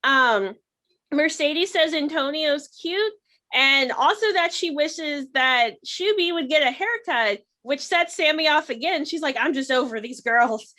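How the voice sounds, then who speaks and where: A young woman co-hosts a podcast, speculating and rambling in a relaxed way. Her voice sits a little high and rings bright. She talks freely, with plenty of "like" and "you know.". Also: unhurried. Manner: chatty, speculative, full of fillers and restarts. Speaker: podcast co-host. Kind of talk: casual TV recap chat.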